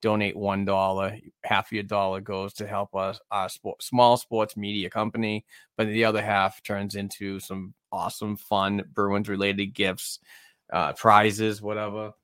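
A man's voice: fairly low pitch, completely flat delivery, measured pace, fairly bright tone, clean tone, no room sound. A man hosting a sports podcast in casual chat, rambling loosely with many fillers. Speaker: podcast host.

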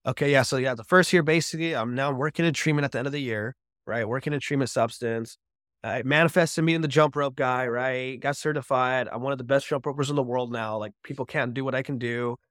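A man's voice: mid-range voice, steady tone, fairly quick, fairly bright tone, no room sound, clean studio sound. Earnest man telling his recovery story. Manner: earnest, heartfelt storytelling with many "like" fillers. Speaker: podcast guest.

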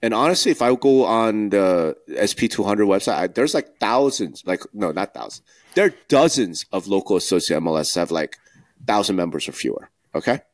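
A man's voice: lowish voice, expressive, a little fast. Guy co-hosting a podcast, blunt and ranty, voice jumps all over the place. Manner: blunt, emphatic, rants with rhetorical questions. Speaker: podcast co-host. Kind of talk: casual podcast discussion.

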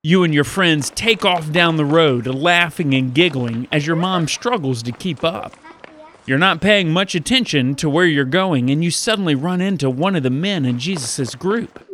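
A male pastor who hosts a Bible podcast, telling stories and teaching preteens in an upbeat, animated way. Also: fairly high pitch, moderate pace.

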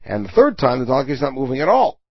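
A man's voice: medium pitch, big pitch swings, fast talker, husky, dry recording. A man giving a Torah lesson, reading Hebrew verses and translating them line by line, with everyday examples. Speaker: Torah teacher. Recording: dull lo-fi recording.

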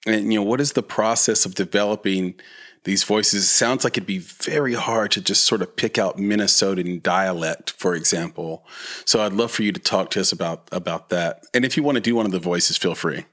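Brief: podcast host, very low male voice, rambling and restarting, many ums. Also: fairly quick, fairly bright tone. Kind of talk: casual interview.

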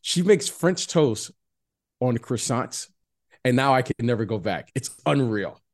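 A man co-hosting a podcast in casual chat, animated and repeating himself as he keeps turning to his co-host. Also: medium pitch, unhurried.

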